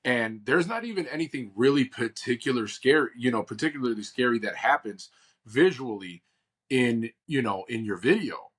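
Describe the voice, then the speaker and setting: A man's voice: medium pitch, lively intonation, moderate pace, fairly bright tone, breathy edge. A man co-hosting a paranormal podcast, talking in a laid-back, casual way full of fillers. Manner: laid-back, uses filler like "dude" and "you know". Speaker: podcast co-host. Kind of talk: casual chat.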